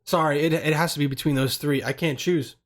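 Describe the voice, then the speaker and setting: A man's voice: on the high side, steady tone, fairly quick. A young man hosting a podcast on his own, rambling in loose, profane casual talk full of slang. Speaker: podcast host.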